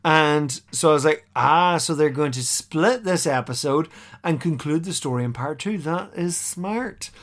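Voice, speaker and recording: A man casually recapping a TV episode on a podcast, animated and quick to act out the characters' lines. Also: fairly high pitch. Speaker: podcast co-host.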